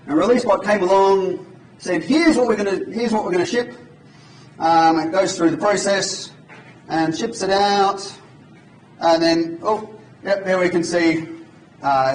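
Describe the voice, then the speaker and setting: Guy doing a jokey live coding demo on stage, slightly high voice, echoey hall, mic kinda far off, faint hiss. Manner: informal and joking. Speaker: conference speaker.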